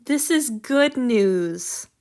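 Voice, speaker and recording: A woman voicing a calm, fond woman healer who talks in a soothing, matter-of-fact way. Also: a little high, very slow, full character voice. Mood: fondly scolding.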